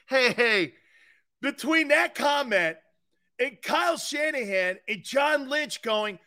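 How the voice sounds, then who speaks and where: A man hosting a live sports talk show, loud and joking, often laughing at his own lines. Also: high voice, lively intonation, drawn-out words, gravelly, long pauses.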